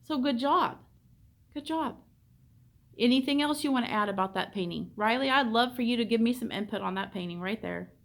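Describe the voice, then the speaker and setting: A woman's voice: a little high, animated, fairly quick, creaky. A woman art teacher leading a classroom discussion, asking questions and repeating students' answers back to them.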